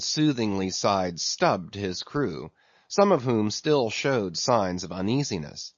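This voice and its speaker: Man, unhurried audiobook narrator, lively pitch, dry and slightly dull lo-fi recording. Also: no room sound. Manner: measured, expressive storytelling.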